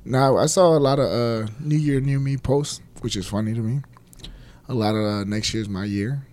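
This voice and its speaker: A man's voice: medium pitch, moderate pace, a little mellow. Man, mid voice, blunt teasing podcast co-host. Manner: blunt, mocking, laughs and swears often. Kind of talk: casual chat.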